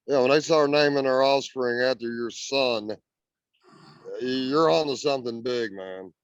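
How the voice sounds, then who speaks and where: A man's voice: mid-range voice, a little slow, smooth, no echo, muffled recording. A man from Indiana, a guest earnestly telling a story in casual chat, often repeating words as he goes. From Indiana, USA.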